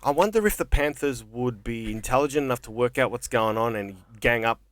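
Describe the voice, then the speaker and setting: A man in casual podcast chat, chatty and profane, quick to jump in with comments. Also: medium pitch, fairly bright tone, dry recording.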